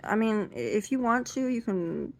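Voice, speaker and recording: A young woman tells a rambling stand-up story in a middle-pitched voice. She stops and restarts often and leans on fillers. When she quotes people, her voice jumps up high and gets loud. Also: very animated, normal speed, gravelly. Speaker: stand-up comedian.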